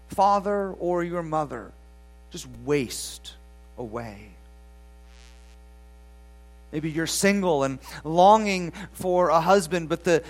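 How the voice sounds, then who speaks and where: A pastor preaching a sermon to the congregation with dramatic swings from loud to hushed, putting rhetorical questions to the listeners. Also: mid-range voice.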